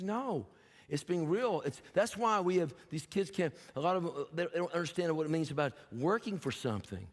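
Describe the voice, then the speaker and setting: Older pastor preaching with long reverb. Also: male voice, a little high, lively intonation, brisk. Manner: folksy storytelling with humor; earnest, emphatic exhortation. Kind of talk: sermon. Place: church sanctuary.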